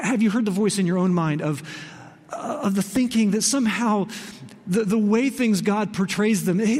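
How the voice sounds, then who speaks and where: A pastor preaching a sermon in an expressive, emphatic way, slowing down on key phrases. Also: male voice, high-pitched. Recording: long reverb in a large hall.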